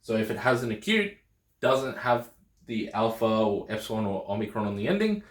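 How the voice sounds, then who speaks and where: Guy teaching a lesson, kinda low voice, keeps saying okay, echoey room. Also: sing-song, moderate pace. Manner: explains patiently, checks in with frequent "okay". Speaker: Greek teacher. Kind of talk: video lesson.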